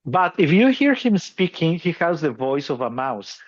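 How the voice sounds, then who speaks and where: A man's voice: on the high side, big pitch swings, moderate pace. Self-mocking man with a lo-fi sound. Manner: laughs often, self-deprecating. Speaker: podcast co-host. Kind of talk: casual explanatory chat.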